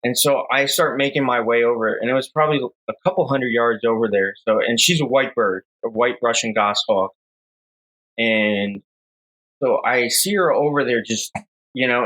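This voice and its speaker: A man's voice: medium pitch, low-quality recording. A young man, a falconer, casually telling a story on a podcast with lots of fillers and restarts. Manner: rambling, relaxed storyteller with many fillers.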